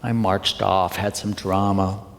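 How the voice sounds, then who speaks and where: A man's voice: low-pitched, little pitch movement, slow pace. A middle-aged male minister giving a conversational, confessional Sunday talk with playful asides to the congregation. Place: church sanctuary. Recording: long hall reverb.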